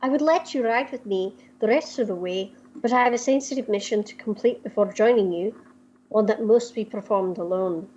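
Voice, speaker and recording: A woman's voice: medium pitch, normal speed, warm tone, highs cut off, slight background noise, lightly acted. A woman putting on a Scottish lady spy. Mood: formal, secretive. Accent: put-on Scottish. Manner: formal, conspiratorial speech. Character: secretive female spy with an aristocratic manner.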